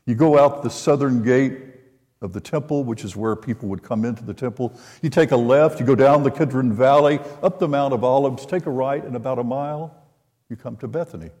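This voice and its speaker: An older man preaching a sermon, retelling a scripture story in an unhurried way and voicing the quoted lines. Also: mid-range voice, darkish tone. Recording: long hall reverb.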